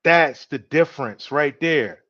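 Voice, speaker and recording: Guy ranting on his show, bit of a higher voice, cocky and loose, dry muffled home mic. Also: measured pace, a bit bright, no room sound. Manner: loose, swaggering, talks straight to the listeners. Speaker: podcast host. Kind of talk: casual opinion talk.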